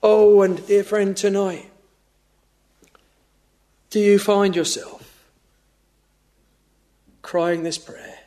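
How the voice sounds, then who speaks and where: Slow, high-voiced earnest male preacher. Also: steady tone, dark tone. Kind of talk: sermon.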